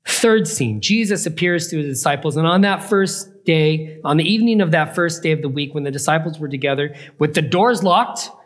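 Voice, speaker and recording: A man's voice: a little high, lively intonation, normal speed, hardly any pauses. A man teaching a Bible passage, retelling it with questions to his listeners and acting out the quoted lines. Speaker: preacher.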